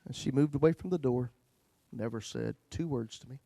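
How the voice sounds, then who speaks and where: A man's voice: mid-range voice, normal speed, creaky, dark tone, no room sound. Male pastor, testimony sermon, folksy, big dynamic swings, mid voice, dry.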